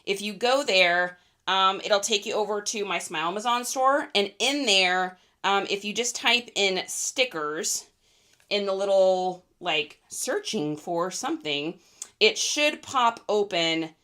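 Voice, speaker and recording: A woman's voice: mid-range voice, lively intonation, a little slow, bright, forceful tone. A woman chatting casually on a live stream about items she resold, bubbly and talkative, reading out viewer comments. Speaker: reseller streamer.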